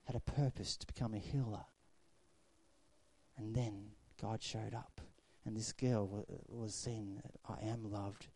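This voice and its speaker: Male pastor, middle-aged, sermon delivery, warm low-key tone, goes loud then hushed. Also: steady tone, unhurried. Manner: storytelling preacher, swings from loud to hushed.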